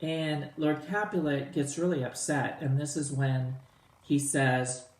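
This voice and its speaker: A man teaching a play to students in a casual, animated way, retelling the old lines in everyday slang. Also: medium pitch, measured pace, reverberant, rough recording.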